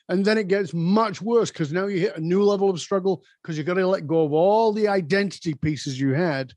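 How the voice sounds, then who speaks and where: Podcast host guy, kinda high voice, dry sound, pumps up the listeners. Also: brisk, hardly any pauses, no room sound. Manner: emphatic, motivational, direct address to listeners. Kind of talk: conversational podcast interview.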